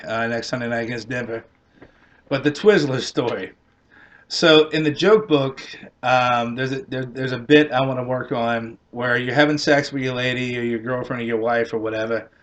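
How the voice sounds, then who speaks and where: A man's voice: mid-range voice, fairly bright tone, dull audio. A man with a Boston accent telling a rambling, profane comic story and laughing at his own punchlines. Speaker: comedian. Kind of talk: storytelling comedy rant.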